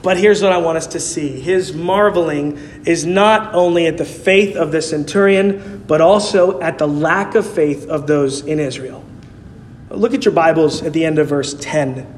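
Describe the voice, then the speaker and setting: A man's voice: a little high, moderate pace, slight background noise. A man preaching a sermon in a church, emphatic, building his points through rhetorical repetition. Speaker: pastor. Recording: long reverb of a large hall.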